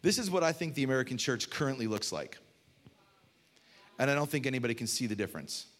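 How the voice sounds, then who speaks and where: A man preaching a sermon as a pastor, telling funny stories with sudden loud bursts. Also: fast. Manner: storytelling with humor, animated swings from low to loud.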